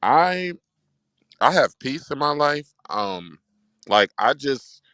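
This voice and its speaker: A man chatting on a livestream, talking in a direct, measured way and laying out his reasoning at length. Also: medium pitch, big pitch swings, pushed and bright, clear, resonant tone, no echo, rough recording. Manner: direct, measured, speaks in long reasoning runs. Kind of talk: casual livestream chat.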